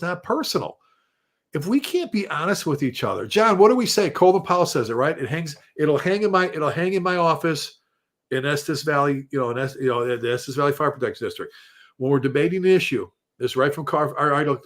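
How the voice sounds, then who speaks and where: A man, a retired fire chief, telling blunt, salty stories on a casual panel and acting out the voices of the people he quotes. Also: on the high side. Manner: animated storyteller who acts out quoted voices.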